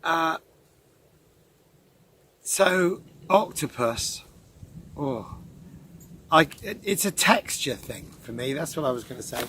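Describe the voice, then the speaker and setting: A man's voice: on the high side, expressive, slow pace, long pauses, bright, forceful tone, a little hiss or hum. A man chatting casually in a rambling, self-deprecating monologue recorded outdoors in the countryside. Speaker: vlogger host.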